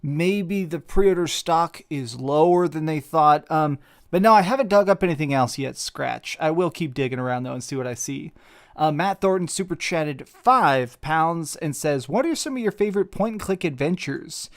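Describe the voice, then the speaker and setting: A man's voice: fairly high pitch, animated, moderate pace. Self-mocking man reading stream super chats. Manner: joking, self-mocking, rambling. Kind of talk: casual live stream chat. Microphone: desk mic with face cam.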